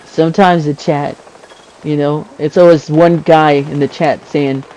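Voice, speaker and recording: A man's voice: a little high, level tone, unhurried, warm tone, low-quality recording. A man giving casual, jokey commentary over his own gameplay, chuckling often and talking back to the game. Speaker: gamer narrating his play.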